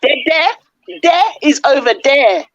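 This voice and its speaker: A woman in a casual group chat, explaining words and quick to laugh. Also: sits high, expressive, muffled recording, a little hiss or hum.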